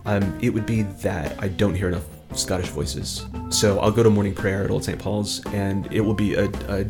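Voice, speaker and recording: A man with a General American accent, speaking as a podcast guest in a measured, articulate way with frequent restarts. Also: on the low side, flat delivery, music in the background. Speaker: guest philosopher. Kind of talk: conversational podcast interview.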